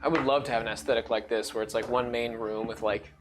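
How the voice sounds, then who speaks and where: A man's voice: medium pitch, steady tone, quick pace, noisy background. A man running a tabletop game as dungeon master, talking casually with lots of fillers and restarts.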